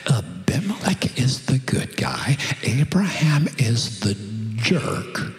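A male preacher tells his sermon like a lively story, talking conversationally to the room. His low voice is gravelly and swings widely in pitch. Long hall reverb with faint music behind. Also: slow.

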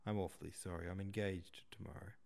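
Stiff, evasive young man, low dark voice, read by a male narrator. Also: steady tone, fast talker, vocal fry. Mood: sullen. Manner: stiff, sullen replies.

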